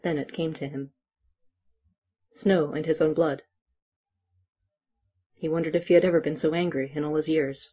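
A narrator reading a story aloud in a steady, even way. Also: medium pitch, normal speed, pauses often, husky.

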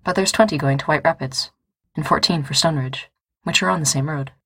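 A woman narrating a story in a calm, measured reading voice. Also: sits low, breathy edge, dry recording, clean studio sound. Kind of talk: audiobook-style story reading.

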